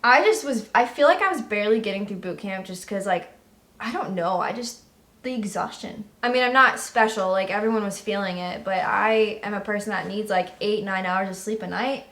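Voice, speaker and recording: A woman's voice: medium pitch, brisk, fairly bright tone. A young woman, a Navy veteran, chatting casually on her channel, telling stories and laughing often. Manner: bubbly, laughs a lot, storytelling. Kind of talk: casual chat.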